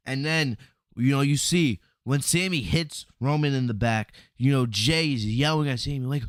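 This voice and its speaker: A male podcast host gives a casual solo review of a wrestling event, telling it as animated storytelling and acting out quotes. He often asks "right?" and says "you know," speaking at a moderate pace in a mid-range voice over clean studio sound with no room echo.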